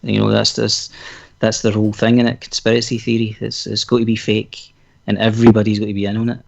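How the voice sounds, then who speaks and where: A man talking bluntly as a guest on a live stream, with lots of "you know" and laughter. His voice is gravelly and comes through a dull, lo-fi call line. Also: on the low side, completely flat delivery, fast, a little mellow. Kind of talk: casual live-stream chat.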